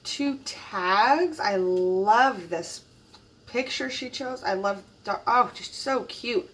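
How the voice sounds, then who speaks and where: Woman, casual unboxing narration, gushing and admiring, slow talker, slightly distant mic. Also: medium pitch, animated. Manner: gushing, admiring, many soft exclamations. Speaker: crafting channel host.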